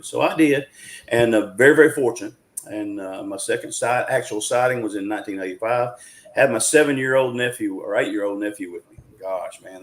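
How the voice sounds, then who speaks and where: A man's voice: medium pitch, a little fast. A man, telling a story as an interview guest in an earnest, folksy way, with frequent restarts. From Arkansas, USA. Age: 60s.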